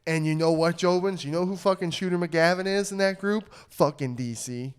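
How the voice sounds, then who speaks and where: A man's voice: high voice, normal speed, clean tone. A young man co-hosting a podcast in casual chat, fired-up and swearing freely as he rants. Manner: profane, fired-up ranting. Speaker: podcast co-host.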